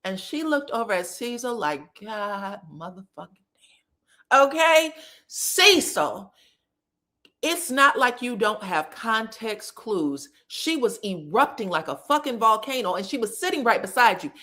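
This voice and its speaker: A woman's voice: fairly high pitch, very animated, unhurried, bright, forceful tone. A woman recapping a reality show in a casual, blunt, profane, mocking way.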